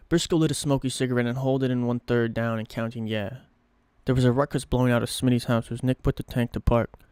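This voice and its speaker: A man's voice: mid-range voice, a little mellow, clean tone, no echo. A man casually reading a story aloud on a live stream, swearing and stumbling over words now and then.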